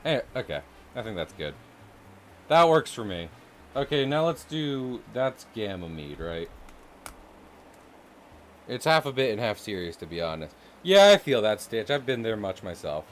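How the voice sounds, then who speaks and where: A man's voice: lowish voice, sing-song, measured pace, pauses often, soft background music. A man streaming while he draws, chatting casually with viewers in a playful, joking way and laughing often. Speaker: live streamer and artist. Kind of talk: casual live-stream chat while drawing.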